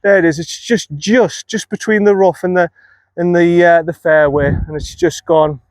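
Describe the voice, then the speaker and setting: A man's voice: high voice, fairly even intonation, moderate pace, no echo. A man giving chatty, self-critical commentary while playing a round of golf outdoors, muttering at himself after bad shots. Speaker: golf vlogger. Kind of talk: casual on-course commentary.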